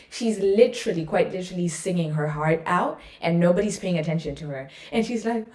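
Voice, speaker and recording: A young woman hosts her own podcast, chatting playfully and with self-mockery before reading her poem aloud. Her lowish, slightly mellow voice is brisk, and the sound is reverberant.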